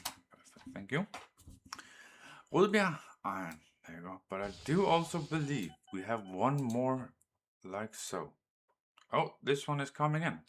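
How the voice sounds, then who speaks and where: His voice is medium-pitched, a bit bright, and sing-song, carrying a Danish accent as he slowly works out train routes in his game. The Danish streamer casually narrates, talks to the trains, and swears or exclaims at setbacks, with a little hiss or hum underneath.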